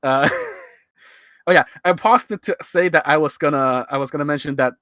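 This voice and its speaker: A man's voice: a little high, expressive, moderate pace, fairly bright tone, no room sound, clean studio sound. A man in his twenties from Hong Kong with a half-American Hong Kong English accent. He rambles and chuckles through casual commentary into a cheap USB mic. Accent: Hong Kong English, partly American-leaning. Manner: rambling, chuckling, self-mocking. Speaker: streamer commenting on his old video. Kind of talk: casual live-stream commentary. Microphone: cheap USB microphone.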